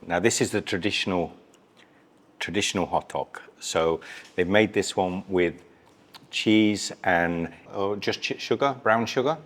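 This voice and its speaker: A man's voice: deep voice, measured pace, a bit bright. Cheerful man on a street food vlog. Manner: cheerful, chatty, laughs often, talks while eating. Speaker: travel vlogger. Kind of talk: casual food vlog chat. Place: outdoors at a street food stall and town street.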